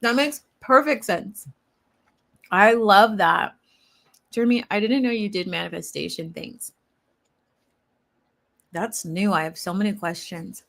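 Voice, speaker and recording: A woman's voice: mid-range voice, measured pace, vocal fry, pauses often, fairly bright tone. Giggly chatty woman livestreaming. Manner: chatty, giggly, reads chat comments aloud. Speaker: livestream host. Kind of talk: casual livestream chat, reading comments aloud. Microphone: eating while talking on a livestream.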